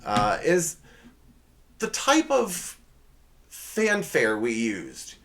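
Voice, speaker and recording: A male podcast host who rolls through a comic monologue in a casual, rambling way. His pitch swings widely as he jokes, dropping sarcastic asides and correcting himself as he goes. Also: wildly swooping pitch, very slow, a bit bright, a little hiss or hum.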